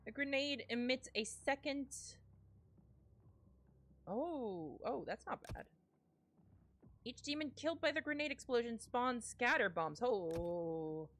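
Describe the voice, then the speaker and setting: Lively high-voiced woman streamer. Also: slow pace, pauses often. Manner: swears and rants loudly when frustrated; mutters upgrade text aloud in a low voice. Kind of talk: casual gameplay commentary.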